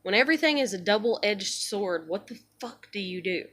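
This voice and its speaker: A woman's voice: mid-range voice, animated, normal speed, a bit bright. A woman venting in a blunt, profane, rambling monologue at home, a mother and vlogger.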